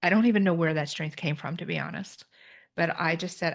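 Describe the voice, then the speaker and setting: Speaking briskly in a voice on the low side, a middle-aged woman shares a personal story on a podcast as a guest. Her manner is candid and earnest, and she uses plain examples to explain terms.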